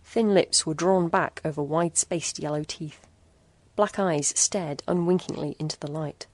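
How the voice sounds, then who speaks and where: A woman narrating a short story in a measured, even storytelling manner. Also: sits low. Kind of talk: scripted narration.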